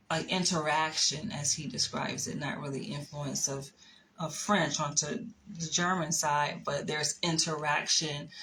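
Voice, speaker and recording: A woman's voice: low-pitched, gravelly, fairly bright tone, a little hiss or hum, poor audio. A woman casually telling a personal story, chatty, with laughs, asides and the odd whisper. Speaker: vlogger.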